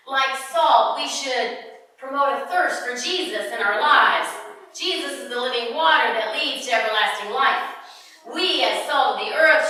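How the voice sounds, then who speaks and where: A woman pastor delivering a sermon in a measured, emphatic way with touches of humor. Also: on the high side, sharp tone, slight background noise. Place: church sanctuary. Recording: echoey church hall from far off.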